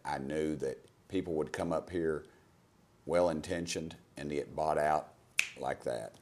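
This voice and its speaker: A man's voice: a bass voice, a little mellow. A middle-aged man with a Southern US accent hosting a casual interview podcast, folksy and joking as he wanders through stories. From Tennessee. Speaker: podcast host, congressman.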